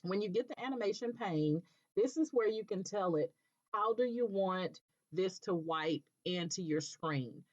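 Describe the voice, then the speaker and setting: A woman presenting a screen-recorded software tutorial, explaining patiently step by step and checking in with "okay", with an occasional cough. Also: medium pitch, expressive, measured pace. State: coughing now and then. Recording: dull lo-fi recording.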